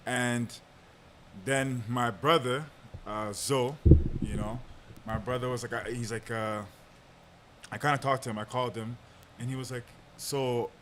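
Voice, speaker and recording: A man's voice: medium pitch, steady tone, normal speed, fairly bright tone. Young man, casual storyteller, podcast host, frequent laughs, filler words, faint background hiss. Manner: laid-back, laughs often, lots of fillers.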